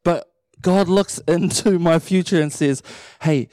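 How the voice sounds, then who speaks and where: Preacher in his thirties, warm mellow tone, humorous and lively sermon delivery. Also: high-pitched, unhurried, no room sound, clean studio sound. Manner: animated storytelling with playful humor. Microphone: handheld or stage microphone.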